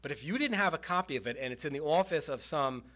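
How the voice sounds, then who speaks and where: A man's voice: a little high, lively intonation, quick pace, fairly bright tone. A man, a historian, giving a public lecture to a community audience, explaining in a conversational way with asides and fillers. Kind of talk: lecture with slides. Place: community center presentation.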